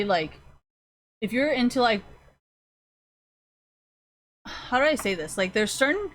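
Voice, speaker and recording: Rambling, swearing woman streamer. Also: on the high side. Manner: rambling, profane, frequent fillers. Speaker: streamer chatting with viewers. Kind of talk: casual chat.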